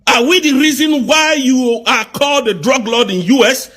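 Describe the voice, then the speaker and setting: A man with a Nigerian accent in an angry live rant, firing off accusing rhetorical questions and sometimes shouting. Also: very high-pitched, moderate pace. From southeast Nigeria.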